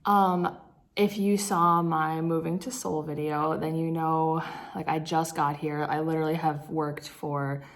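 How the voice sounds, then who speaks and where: A woman's voice: deep voice, little pitch movement, unhurried. A young woman, a grade two teacher, chatting casually in a vlog and rambling with lots of fillers.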